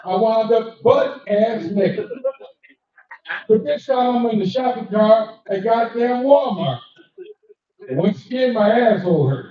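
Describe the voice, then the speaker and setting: An older man delivers a loud, profane stand-up set, slipping into the voices of people in his stories. His voice sits high for a man. The live recording is muffled and heard from a distance in a very echoey room. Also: measured pace, long pauses. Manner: brash and profane, acting out other people in the story. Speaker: stand-up comedian. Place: cigar lounge, live show.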